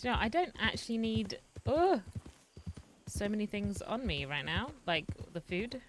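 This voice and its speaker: A woman's voice: mid-range voice, animated, normal speed, slight background noise. A woman streaming a roleplay game, chatting in a rambling way and laughing often. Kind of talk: casual chat while streaming a roleplay game.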